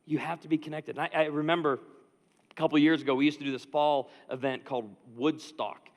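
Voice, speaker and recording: A man preaching a sermon as a pastor, talking conversationally and turning to the audience with quick asides. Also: fairly high pitch, steady tone. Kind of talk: storytelling sermon. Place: church auditorium. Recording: long reverb of a large hall.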